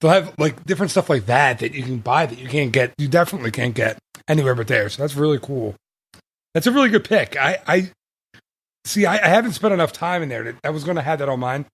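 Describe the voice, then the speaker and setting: A man's voice: on the high side, expressive, quick pace, slightly rough. A man hosting a travel podcast in casual chat, rambling and laughing often as he corrects himself. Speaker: podcast host.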